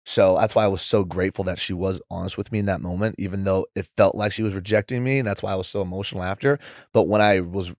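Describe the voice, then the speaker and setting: A young man talking as a podcast guest in a rambling, casual way, saying "like" a lot and quoting others in lively voices. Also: sits low, fast, no room sound, studio quality. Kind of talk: casual interview chat.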